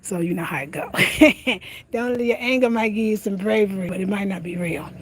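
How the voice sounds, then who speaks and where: A husky woman with a mid-range voice talks a little fast. In her casual vlog she laughs frequently and speaks slangily, first out on a country road at night, then indoors at home.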